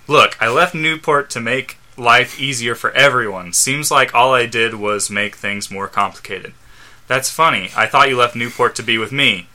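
A man on a casual podcast reading fan fiction aloud, halting and stumbling over lines and laughing at the text. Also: mid-range voice, sharp tone. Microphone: studio microphone.

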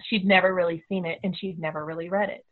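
A middle-aged homeschooling mother telling a story in a casual, animated way, acting out the voices of the people she quotes. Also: on the low side, fast. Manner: animated, acts out quoted dialogue. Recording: tinny phone-like audio.

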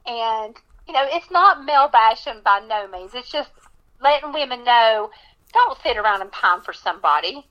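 A woman's voice: on the high side, lively intonation, moderate pace, lo-fi sound. A woman, a singer-songwriter talking casually in an interview, full of fillers and easy laughter. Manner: warm, chatty, many fillers and laughs.

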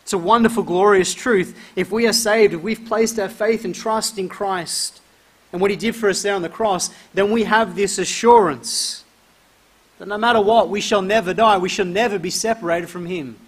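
Male preacher, high-pitched, emphatic sermon delivery, reads verses aloud. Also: steady tone, normal speed, husky. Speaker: pastor.

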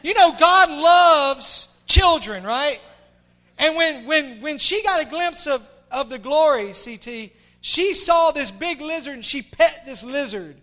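A middle-aged male pastor preaches with fervor, his voice sitting unusually high for a man. His tone is bright and forceful, sinking to near-whispers before climbing to shouts. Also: expressive, slow pace. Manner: impassioned, swinging from hushed to shouting. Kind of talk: sermon.

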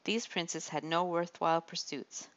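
Woman reading a novel aloud, low voice, steady and measured, kinda dull lo-fi sound. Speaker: audiobook narrator. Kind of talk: scripted narration of a historical novel.

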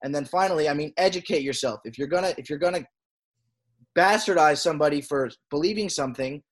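A man co-hosting a podcast, talking in a halting way with frequent "uh" and "I mean". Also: on the high side. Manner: halting, with many "uh" and "I mean" restarts. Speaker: podcast co-host. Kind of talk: casual podcast chat.

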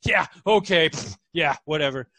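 A man's voice: fairly high pitch, normal speed, breathy edge, no echo. A man on a casual podcast telling a long story, acting out the people in it with changing voices. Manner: animated, acts out characters in voices. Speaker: podcast co-host.

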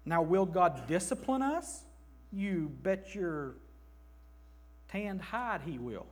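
Emphatic high-voiced male preacher. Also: very animated, slow pace. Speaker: pastor. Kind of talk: sermon. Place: church.

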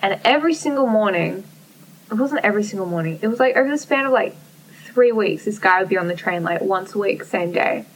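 A woman's voice: medium pitch, animated, a little fast, far from the mic, a little hiss or hum, rough recording. Candid young woman telling stories. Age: young adult. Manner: candid, swears freely, acts out quotes. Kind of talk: casual chat.

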